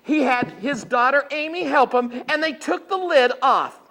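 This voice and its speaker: Library story-time reader, woman, animated, high voice. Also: moderate pace. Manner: animated, addressing children directly.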